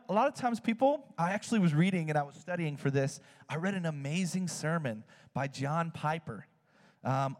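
A man preaching a sermon, telling a story with animated swings in his voice. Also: big-room sound. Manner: animated storytelling, swings high when excited.

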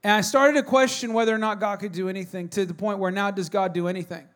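High-voiced man preaching. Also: steady tone, quick pace, fairly bright tone. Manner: conversational storytelling with restarts. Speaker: pastor. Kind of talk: sermon.

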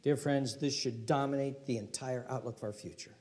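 An older male pastor preaching a sermon emphatically, asking rhetorical questions and sometimes dropping to a hushed whisper. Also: medium pitch, steady tone, brisk.

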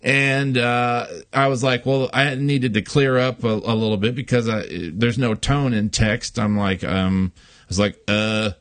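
A man's voice: mid-range voice, fairly even intonation, a little slow, fairly bright tone, no echo. Rambling man telling a story, dry sound. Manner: rambling storyteller with many fillers and swearing. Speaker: podcast host. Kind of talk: casual chat.

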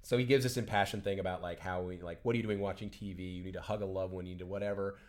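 A man co-hosts a podcast in casual chat, rattling quickly through a film plot. His voice sits a bit low, and he trips over restarts and fillers as he goes. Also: steady tone. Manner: rambling, many fillers and restarts. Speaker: podcast co-host. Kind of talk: casual movie discussion.

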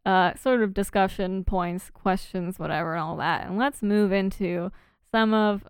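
A woman's voice: medium pitch, unhurried, smooth, no echo, studio quality. A young woman co-hosting a podcast in casual chat, talking freely with lots of fillers and laughter. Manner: chatty, laughs often, many fillers and restarts. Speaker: podcast co-host.

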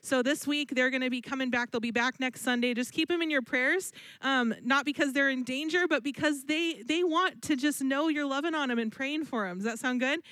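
A woman's voice: sits high, a little fast, few pauses, fairly bright tone, no echo. A woman from the church leadership giving announcements and an affectionate, earnest introduction of the guest speaker.

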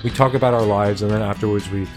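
A man hosting a casual movie podcast, relaxed and joking, sometimes talking with his mouth full. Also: on the low side, fast talker, soft background music. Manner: laid-back, joking, talks with mouth full. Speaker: podcast host.

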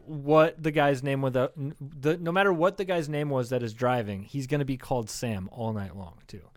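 A man's voice: medium pitch, moderate pace, no echo. Laughing, cussing Iowa guy telling stories. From northern Iowa. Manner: profane, laughing, storytelling with acted-out quotes. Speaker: podcast co-host. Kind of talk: casual comedy podcast chat.

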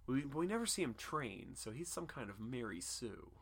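A man's voice: medium pitch, big pitch swings, normal speed, creaky. A man co-hosting a podcast in casual chat, joking and swearing freely as he discusses a film. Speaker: podcast co-host.

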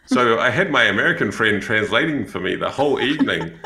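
A man's voice: fairly low pitch, animated, normal speed, vocal fry, few pauses, bright, forceful tone, echoey room. A man with a New Zealand accent telling a story in a casual chat, rambling with many fillers and restarts. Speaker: podcast co-host, missionary.

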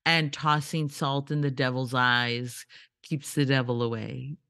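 Slow-talking bright woman, casual chat. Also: rumbling low, fairly even intonation, no echo, clean studio sound. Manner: giggly, loose and joking. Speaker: podcast co-host.

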